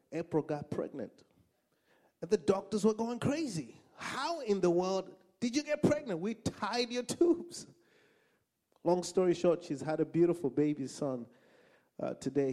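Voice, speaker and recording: A man from Africa preaching a sermon, telling funny stories and repeating lines for emphasis. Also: medium pitch. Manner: animated, humorous storytelling with emphatic repetition.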